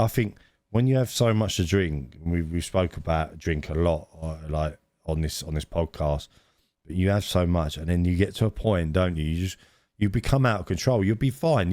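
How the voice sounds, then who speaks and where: A middle-aged man co-hosting a podcast, telling an anecdote in a casual, animated way with frequent laughs and restarts. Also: low voice, no echo. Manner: animated storyteller, laughs often, many restarts. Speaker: podcast co-host. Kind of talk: casual storytelling chat.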